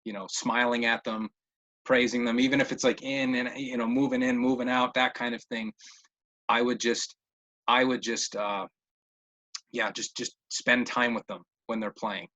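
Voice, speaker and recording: Bright-voiced man, muffled call audio. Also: medium pitch, little pitch movement, normal speed. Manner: repeats words while thinking, many fillers. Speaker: behavior interventionist answering questions. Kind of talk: casual webinar Q&A.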